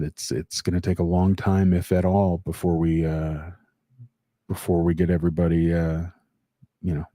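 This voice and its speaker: A man with a low, mellow voice hosts a casual live stream. He speaks slowly and haltingly, with plenty of ums and restarts, and greets chat viewers by name. The sound is dry and close. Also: dry recording. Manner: halting, many fillers and restarts. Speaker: livestream host.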